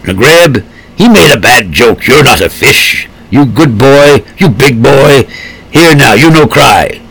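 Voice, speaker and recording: A man's voice: medium pitch, lively intonation, takes it slowly, creaky, fairly bright tone, breathy edge, heavily acted, poor audio. A man reading a storybook, putting on a kind old woman who speaks broken, heavily accented English. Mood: soothing. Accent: foreign-accented broken English. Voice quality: thick-accented, simple broken phrasing.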